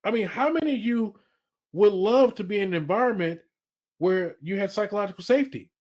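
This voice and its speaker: A man with a slightly high voice presents a training webinar. He speaks emphatically, repeats his key phrases, and puts questions to the audience. The webinar audio sounds dull and lo-fi. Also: animated, a little fast, a little mellow.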